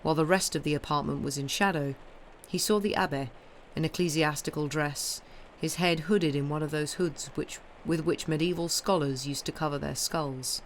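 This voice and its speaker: A woman reading a classic novel aloud on a live stream, with steady storytelling. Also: sits low, moderate pace, hardly any pauses, a little hiss or hum. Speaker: audiobook reader.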